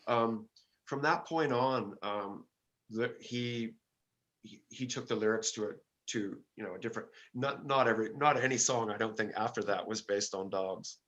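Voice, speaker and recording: An older man, a guest musician, telling stories in a casual interview, halting and full of fillers and restarts. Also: lowish voice, a bit bright, highs cut off.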